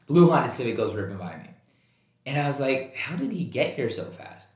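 This podcast host's mid-range voice moves at a moderate pace, captured in an echoey room. Chatting casually, he tells a story with animation, voicing the quoted lines and swearing freely.

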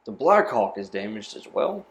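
Laid-back low-voiced man running a game. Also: moderate pace, creaky. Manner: relaxed, describes scenes with frequent fillers and laughs. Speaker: game master. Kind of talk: narrating a tabletop game.

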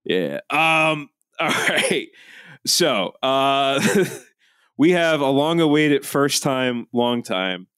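A man hosts a casual podcast, rambling and joking with his co-hosts. His pitch moves around a lot. The sound is close and dry, with no room echo. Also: animated, extremely slow, a bit bright, clear, resonant tone. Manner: jokey, rambling. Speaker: podcast host. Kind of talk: casual chat.

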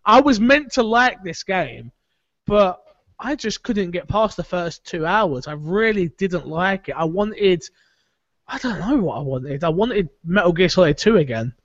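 High-voiced man hosting a chatty podcast. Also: measured pace, no room sound. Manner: animated, chatty, opinionated. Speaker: podcast host. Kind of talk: casual chat. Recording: dull lo-fi audio.

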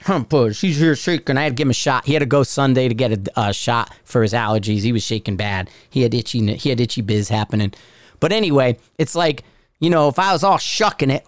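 A man's voice: medium pitch, quick pace, dry recording. A middle-aged man from Connecticut with a Northeastern US accent, hosting a podcast in a profane, sarcastic, rambling rant. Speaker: podcast host. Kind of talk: ranting podcast monologue.

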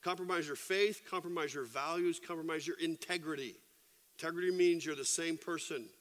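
Middle-aged male pastor, animated sermon, lively voiced sound effects, slightly high voice, long hall reverb. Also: brisk.

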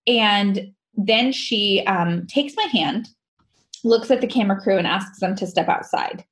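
Woman, guest, candid personal storytelling, animated, acts out dialogue. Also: medium pitch, unhurried. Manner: animated, laughs often, acts out quoted dialogue.

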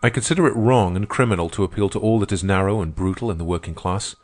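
A man's voice: low-pitched, fast, a little mellow, soft background music. A man voicing an earnest, indignant young woman. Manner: pressing, reproachful. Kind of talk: audiobook character voice.

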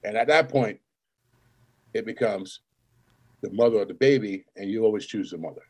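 A man's voice: fairly low pitch, moderate pace, a little mellow. A man who works as a paramedic, talking casually in a blunt way, swearing, and dropping into quoted voices. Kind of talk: casual chat.

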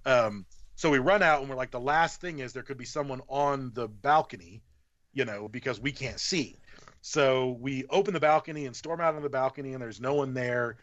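A man's voice: medium pitch, moderate pace, no room sound. A man, a podcast guest, telling a story in casual chat, swearing freely and acting out what other people said. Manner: animated, profane, acts out other people's lines. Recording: slightly muffled podcast audio.

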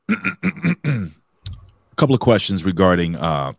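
Here is a man co-hosting a live show in a very low voice that swings widely in pitch. His delivery is playful and conversational as he reads out viewer comments. The sound is close and dry. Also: expressive, normal speed, no room sound. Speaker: podcast co-host. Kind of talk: casual live-stream chat.

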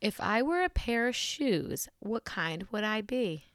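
A woman's voice: medium pitch, big pitch swings, measured pace, no echo, clean studio sound. A woman co-hosting a podcast, reacting to a story with short interjections and questions. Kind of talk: casual chat.

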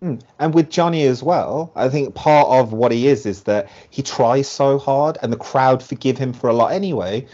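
A man rambles through a casual podcast chat, full of fillers and little acted-out quotes. His pitch is ordinary middle, and the sound is dull and lo-fi. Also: normal speed, few pauses, warm tone. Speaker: wrestling podcast co-host. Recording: muffled lo-fi sound.

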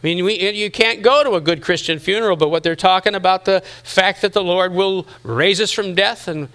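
Bright-voiced high-pitched male pastor preaching. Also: a little fast, clean tone. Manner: conversational, teasing the congregation, acting out inner voices. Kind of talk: sermon.

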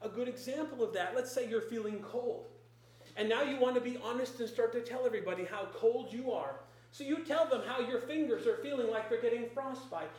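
A preacher with a mid-pitched voice works through a sermon in firm, repeated declarations. The voice rings out in a very echoey space. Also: fairly quick, a little mellow. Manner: emphatic, repetitive declarations. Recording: very echoey room.

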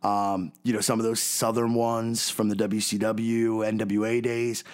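A man's voice: fairly low pitch, little pitch movement, measured pace. A man with a Philadelphia accent hosting a podcast, talking casually and often checking in with "right?" and "okay?". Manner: chatty, frequent "right?" and "okay?" check-ins. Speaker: podcast host.

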